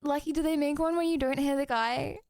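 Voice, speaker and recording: A woman's voice: high-pitched, fairly even intonation, fairly quick, darkish tone. A young woman streamer chatting casually with her viewers in a rambling, giggly way. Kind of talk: casual livestream chat. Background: music.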